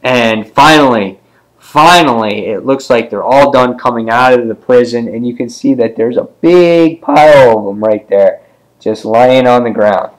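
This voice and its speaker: A man casually reviewing a comic book issue, with many ums and quick character voices as he retells the scenes. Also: medium pitch, poor audio.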